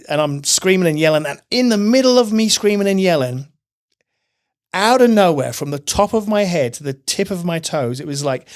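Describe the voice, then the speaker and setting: Middle-aged guy telling his story on a podcast, kinda high voice, acts out what he yelled back then. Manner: storytelling, emphatic, acts out his own past outbursts. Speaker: podcast guest. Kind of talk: testimony in casual interview.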